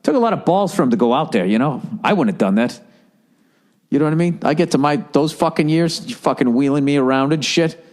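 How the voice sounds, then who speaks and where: A man, talking in a rambling, profane, animated monologue as a podcast host. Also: mid-range voice, quick pace. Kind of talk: casual monologue.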